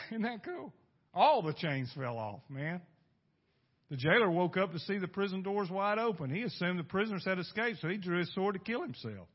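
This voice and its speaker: Husky preacher man, loud then hushed. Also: sits high, lively intonation, fairly quick. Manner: emphatic preaching with sudden swings between loud and hushed; asks the congregation rhetorical questions. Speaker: pastor. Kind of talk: sermon. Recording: dull lo-fi recording.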